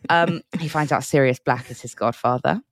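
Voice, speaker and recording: A woman co-hosting a podcast, chatting casually and laughing a lot as she tells animated stories. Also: rumbling low, normal speed, dry recording, studio quality. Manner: giggly, animated storyteller doing silly quoted voices. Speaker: podcast co-host. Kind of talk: casual chat.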